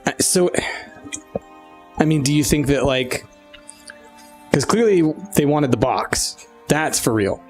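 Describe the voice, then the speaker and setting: A man running a tabletop game and talking in character, halting and full of fillers. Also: a little high, lively intonation, soft background music. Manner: hesitant, filler-heavy, halting speech. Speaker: game master. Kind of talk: tabletop role-play.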